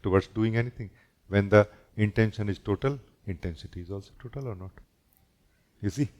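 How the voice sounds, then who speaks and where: A spiritual teacher gives a gentle, reflective satsang talk, frequently ending his sentences with a questioning "no?". His voice sits fairly low, and he speaks a little fast.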